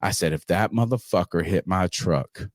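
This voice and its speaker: A man telling a wild story on a podcast, swearing freely and jumping into loud voices for himself and his friend. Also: deep voice, moderate pace, no echo, clean studio sound. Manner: animated, swearing, acts out both sides in raised voice. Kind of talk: casual profane storytelling.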